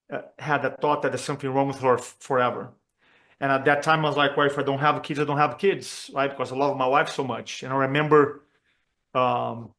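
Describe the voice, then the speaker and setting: A man from Brazil, a communication trainer telling a personal story during a talk for chiropractors, earnest and expressive as he acts out the dialogue. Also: a little high. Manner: earnest and expressive, acts out quoted dialogue, with frequent fillers and restarts.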